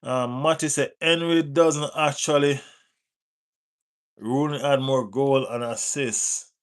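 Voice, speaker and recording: Jamaican-accented male streamer, mid-pitched, loose and chatty, reads chat and ribs viewers. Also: slow, clean tone. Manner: reads out and answers viewer chat, teases, urges likes; relaxed patois-tinged phrasing. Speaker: football livestream host. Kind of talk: casual live chat.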